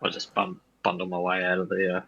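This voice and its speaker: Deep, gravelly man playing a tabletop game. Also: completely flat delivery, a bit bright, lo-fi sound. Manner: halting, stammering. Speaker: player. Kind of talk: casual game talk.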